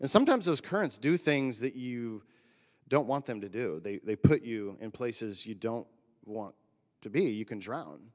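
A man's voice: mid-range voice, expressive, moderate pace, long reverb tail. A man in his forties from Northern California telling a personal story as a pastor's sermon, in a conversational, emotional way with surfer slang. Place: church.

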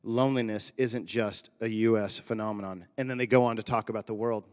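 A man preaching a sermon as a pastor, talking conversationally and telling animated stories. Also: fairly low pitch, brisk. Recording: long hall reverb.

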